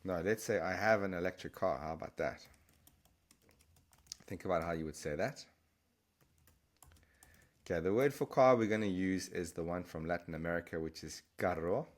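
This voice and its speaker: Deep-voiced man teaching in a chatty way. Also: normal speed, pauses often. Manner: chatty, encouraging, repeats and restarts while explaining. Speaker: Spanish teacher. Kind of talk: explaining vocabulary to camera.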